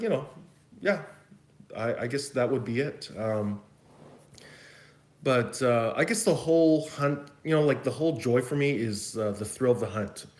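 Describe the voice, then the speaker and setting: A man from Vancouver with a West Coast Canadian accent, answering viewer questions in a casual, rambling live chat. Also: medium pitch. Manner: rambling, chatty, thinks aloud. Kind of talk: casual livestream Q&A. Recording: echoey room.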